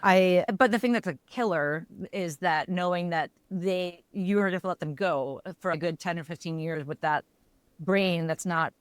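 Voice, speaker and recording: A woman co-hosting a podcast in casual chat, telling stories with laughter and quick self-corrections. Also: lowish voice, clear, resonant tone. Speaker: podcast co-host.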